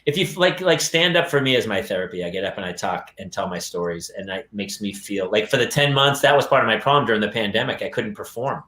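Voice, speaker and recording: A man co-hosting a parenting podcast, telling animated family stories and playing his children's voices. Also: on the low side, quick pace, few pauses. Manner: animated storyteller, acts out his kids' voices. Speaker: podcast co-host. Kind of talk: casual chat. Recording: roomy echo.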